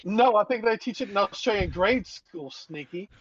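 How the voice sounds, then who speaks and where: High-voiced deadpan joking man. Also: normal speed, a little hiss or hum. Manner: deadpan wisecracks. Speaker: co-host. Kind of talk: casual chat on a stream. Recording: dry, dull lo-fi mic.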